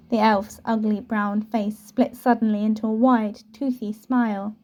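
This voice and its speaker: A woman reading a novel aloud with steady, clear storytelling. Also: medium pitch, a little slow, few pauses, a little hiss or hum. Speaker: audiobook reader.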